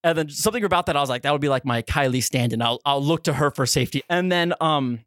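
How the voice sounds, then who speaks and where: Man, podcast co-host, high voice, rapid delivery, animated storyteller who yelps out the quotes, dry close sound. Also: dry recording. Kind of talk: casual storytelling.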